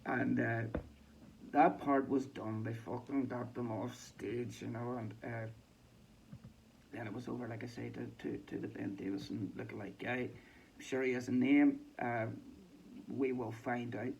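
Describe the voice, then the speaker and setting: A man's voice: medium pitch, flat delivery, a little slow, creaky, a little mellow, a little hiss or hum, rough recording. A Northern Irish man giving a casual, sweary and rambling boxing reaction with a mocking tone. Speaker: boxing commentator. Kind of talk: casual chat.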